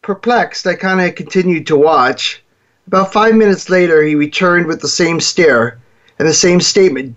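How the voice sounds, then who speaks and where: A man hosting a show, telling a story in a lively way and acting out the voices of the people in it. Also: fairly high pitch, normal speed, dull audio. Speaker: host. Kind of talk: storytelling talk.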